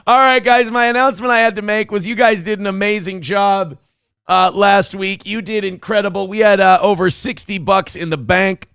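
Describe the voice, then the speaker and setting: High-pitched dude hosting a morning stream, swearing and joking, dry close mic. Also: male voice, steady tone, normal speed, fairly bright tone, clean tone, dry recording. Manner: loose, profane, jokey, reads chat comments. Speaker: morning show host. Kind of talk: casual livestream chat.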